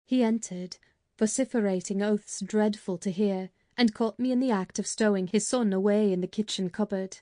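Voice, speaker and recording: A mellow woman reads an audiobook as its narrator, her mid-range voice moving at a moderate pace. The scripted narration is captured in clean studio sound without any room tone.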